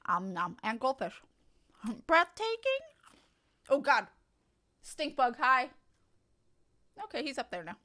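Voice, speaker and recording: Bright-voiced woman streamer chatting candidly. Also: sits high, wildly swooping pitch, takes it slowly, pauses often. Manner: candid, swears freely, laughs often. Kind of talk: casual chat with stream viewers while gaming.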